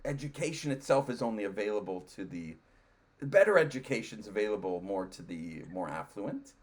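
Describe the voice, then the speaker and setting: A man hosting an interview podcast, animated and jokey, often jumping in on his guest. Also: lowish voice, a little fast. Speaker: podcast host. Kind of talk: casual interview conversation.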